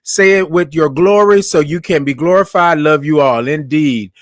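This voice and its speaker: A man hosts a morning live stream in a slightly high voice. He sounds friendly and loose, says "y'all" a lot, and stretches each viewer's greeting out into a slow, sung call. The recording is dry and close, with no room sound. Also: no room sound. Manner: Southern-style informal speech, says "y'all". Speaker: host of a live morning show. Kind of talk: casual live-stream chat.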